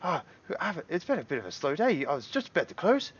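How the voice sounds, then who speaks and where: A man's voice: on the high side, very animated, fast talker, slightly rough, highs cut off, voice pushed up. A man voicing a nervous, fussy male halfling shopkeeper who stammers and repeats himself. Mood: flustered. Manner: stammering, flustered, repeating words.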